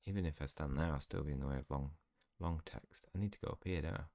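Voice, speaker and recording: Low-voiced gamer chatting casually. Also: male voice, fast, dry recording. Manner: chatty and giggly, reacts out loud. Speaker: gaming channel host. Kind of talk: casual game commentary.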